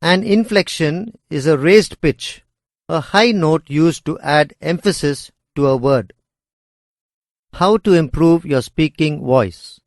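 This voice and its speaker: A man reading educational course material aloud in a measured, deliberate way. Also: a little high, dry recording, clean studio sound. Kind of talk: scripted educational narration.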